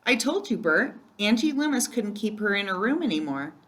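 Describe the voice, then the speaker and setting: A woman's voice: mid-range voice, big pitch swings, normal speed, lightly acted. A woman reading aloud, voicing a patient, proud schoolteacher wife in a children's story. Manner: patient, matter-of-fact. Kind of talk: children's book read aloud.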